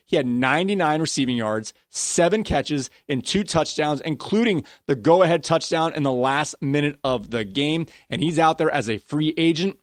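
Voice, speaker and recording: A man with a slightly high voice hosts a casual fantasy football podcast, ranting about player stats and laughing at himself as he goes through them. The sound is clean studio quality with no room sound.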